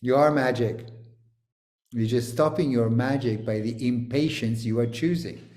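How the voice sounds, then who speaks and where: A man leading a group video call, talking in an animated, joking and teasing way, sometimes swearing. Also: mid-range voice, unhurried, roomy sound. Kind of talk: energetic coaching talk on a video call.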